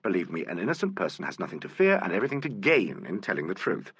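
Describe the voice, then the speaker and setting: A man reading as a suave, courteous inspector, gently ironic and very composed. His lively voice rises and falls a lot and sounds bright and a little breathy, recorded dry and close. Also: low-pitched, quick pace, no room sound, heavily acted. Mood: questioning. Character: suave, polite male police inspector. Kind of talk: audiobook character voice.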